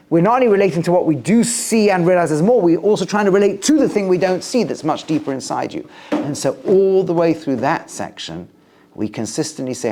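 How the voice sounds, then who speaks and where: A rabbi giving a lively Torah lecture to a class, with rising emphatic stresses and low, quiet recitation of Hebrew verses. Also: male voice.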